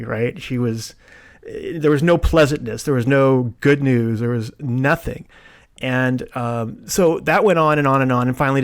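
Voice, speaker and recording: A man hosting a solo podcast, telling a personal story in a rambling way with restarts and quoted asides. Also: mid-range voice. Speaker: podcast host.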